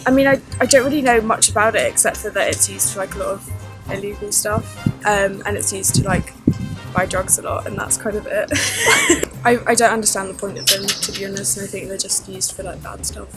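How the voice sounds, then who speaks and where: A woman's voice: mid-range voice, fairly even intonation, brisk. A woman in a street interview, talking casually with lots of fillers. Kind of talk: vox pop answer. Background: music.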